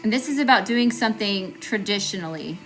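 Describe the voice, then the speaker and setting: A woman's voice: medium pitch, animated, fairly quick, a bit bright, faint music behind. A woman with a Southern accent doing a live tarot reading, chatty and casual, greeting viewers by name between cards. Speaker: tarot reader.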